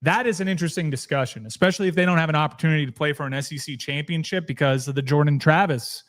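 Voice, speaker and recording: A man's voice: on the high side, rapid-fire, a bit bright. A man co-hosting a live sports podcast, arguing his points with passion and some swearing. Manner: passionate, argumentative. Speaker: podcast co-host. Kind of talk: animated sports talk.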